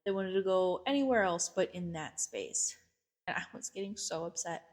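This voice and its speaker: A woman's voice: fairly low pitch, animated, moderate pace. A woman hosting a podcast, chatting casually and self-deprecatingly about her work, with lots of filler words. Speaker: podcast host, behavior technician. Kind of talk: casual chat.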